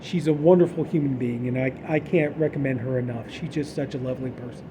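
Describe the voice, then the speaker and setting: A man's voice: mid-range voice, quick pace, dark tone, a little hiss or hum, rough recording. A man casually retelling a film's plot on a podcast, rambling and filling gaps with "you know". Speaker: horror podcast co-host. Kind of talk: casual film recap.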